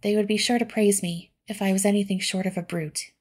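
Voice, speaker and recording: A woman softly voicing an earnest, remorseful young gentleman in a whispered role-play reading. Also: mid-range voice, fairly even intonation, fairly quick, natural voice. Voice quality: soft, breathy.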